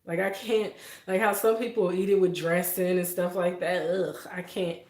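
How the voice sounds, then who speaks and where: A woman hosting a casual livestream from her home kitchen, talking emotionally and softly and laughing often as she greets viewers. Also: fairly low pitch, fairly even intonation, moderate pace, roomy sound. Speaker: livestream host. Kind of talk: casual live-stream chat with viewers.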